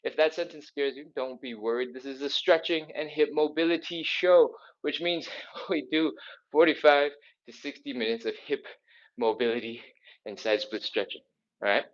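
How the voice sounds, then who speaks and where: Male fitness instructor, mid-pitched, upbeat, counting reps between sighs, slightly breathless, lo-fi stream audio. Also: steady tone, normal speed. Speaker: mobility and stretching instructor. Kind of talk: live follow-along workout coaching.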